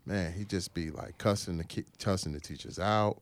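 A man who works as a school teacher, chatting casually in a group and telling animated stories that grow loud and emphatic when he gets riled. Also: low-pitched, moderate pace.

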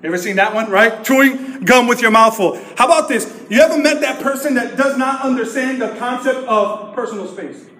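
A man preaching to a congregation as pastor, lively and joking, calling out for the crowd to respond. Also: very high voice, fairly quick, few pauses, slight background noise. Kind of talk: sermon with humorous stories. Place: church service. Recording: echoey room with music behind.

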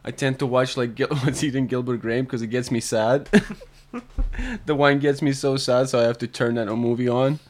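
A man's voice: mid-range voice, little pitch movement, moderate pace. A man guesting on a comedy podcast, rambling through stories with lots of laughs and fillers. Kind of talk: casual podcast chat.

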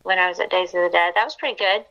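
A young woman from Atlanta chatting as an interview guest, animated and talkative, full of "like". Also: on the low side, racing, muffled recording. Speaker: guest actress. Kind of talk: casual interview chat.

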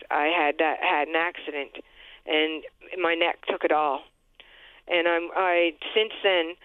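A woman in her forties calling in to a radio show, halting and hesitant with many restarts, distressed. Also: fairly low pitch, smooth, no echo. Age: 40s. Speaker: caller. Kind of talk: call-in radio. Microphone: phone line. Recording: tinny phone line.

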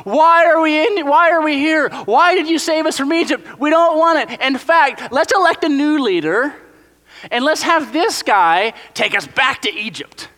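Shrill, whiny wandering crowd put on by a male preacher, booming hall reverb. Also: moderate pace, pushed and bright. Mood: panicked. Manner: shrill, pleading complaints. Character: panicking crowd of ancient Israelites, whiny.

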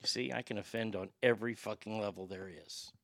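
A man's voice: on the low side, steady tone, fairly quick, fairly bright tone, no room sound, studio quality. A man hosting a show and ranting in blunt, profane commentary, acting out quoted exchanges. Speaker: podcast host.

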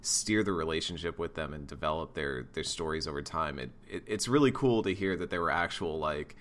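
Male podcast host, low voice, congested, casual and relaxed. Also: fairly quick, slight background noise. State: congested from a cold.

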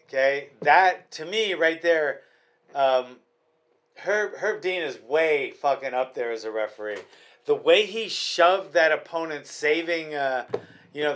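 A man's voice: on the high side, fairly bright tone. A man chatting casually about fights as a podcast host, rambling and restarting his sentences often.

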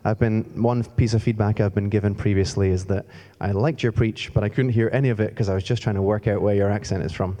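A man's voice: on the low side, fairly even intonation, quick pace, few pauses, dark tone. Scottish-born man preaching in a long-reverb hall. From Scotland. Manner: chatty, self-deprecating, moves around while talking. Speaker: church staff member preaching. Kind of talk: sermon. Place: church hall.

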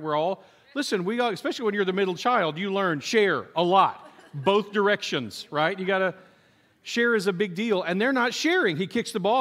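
High-voiced animated male preacher. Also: brisk. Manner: animated storytelling, acts out quoted voices, jokes with the congregation. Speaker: pastor. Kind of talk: sermon.

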